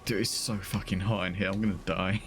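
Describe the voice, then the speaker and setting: A man's voice: low voice, little pitch movement, fairly quick, a little hiss or hum. A man streaming a game, talking in a dry, teasing, sweary way. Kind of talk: casual gaming stream chat.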